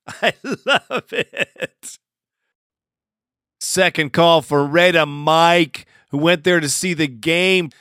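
A man's voice: a little high, a bit bright, dry recording, studio quality. A male host introducing callers in an amused, chummy way. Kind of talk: call-in show hosting.

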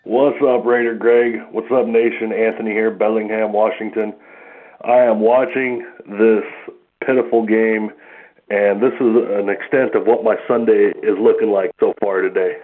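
A man's voice: fairly low pitch, steady tone, moderate pace. A man leaving a casual, dejected call-in message, with some swearing. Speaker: caller. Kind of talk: voicemail message. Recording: tinny phone line.

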